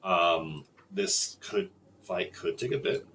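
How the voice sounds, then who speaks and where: A man narrating a tabletop game as game master, relaxed and hesitant with many fillers. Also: deep voice, takes it slowly, a little hiss or hum, low-quality recording.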